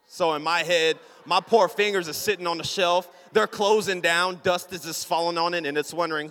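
A man preaching a storytelling sermon, acting out his own thoughts and his wife's replies in a lively, casual way. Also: a little high, a little fast, hardly any pauses, in a large hall. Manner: animated, acts out his own inner voice and his wife's.

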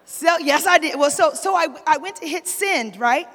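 A pastor's wife with a high voice preaches a sermon at a moderate pace, her words echoing at length through the church sanctuary. Slight background noise is present as she tells her story with lively energy and keeps prompting the congregation to reply.

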